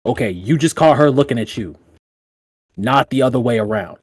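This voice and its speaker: A man's voice: moderate pace, breathy edge, no room sound, studio quality. Slangy, profane young-sounding guy. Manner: loose, slangy and profane, laughing often; animated, with big jumps in pitch when telling stories. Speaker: podcast co-host. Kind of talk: casual podcast chat giving dating advice.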